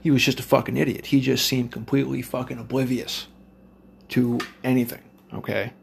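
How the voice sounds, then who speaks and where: A man's voice: medium pitch, little pitch movement, fairly quick, vocal fry, slight background noise. A man telling a rambling, profane story to his listeners in a loose, blunt way.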